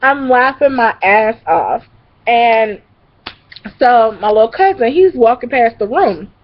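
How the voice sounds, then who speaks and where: A young woman talks straight to her camera in a loose, rambling way, full of ums and swearing. Her voice sits fairly high. The recording is muffled and lo-fi. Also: animated, slow. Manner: rambling, profane, laughing, many fillers. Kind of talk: casual storytelling vlog. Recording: dull lo-fi recording.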